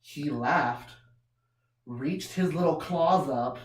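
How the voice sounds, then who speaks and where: A woman's voice: sits low, slow pace. Woman comic, roomy distant stand-up. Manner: loose, self-mocking storytelling with frequent laughs. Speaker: stand-up comedian. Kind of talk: stand-up comedy set. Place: small comedy venue. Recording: roomy room heard from far off.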